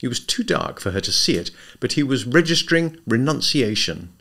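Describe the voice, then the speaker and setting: A male audiobook reader narrating a comic novel. His voice sits at a middle pitch but rises and falls with great liveliness. The delivery is expressive and storytelling in manner. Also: a little fast. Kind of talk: scripted narration.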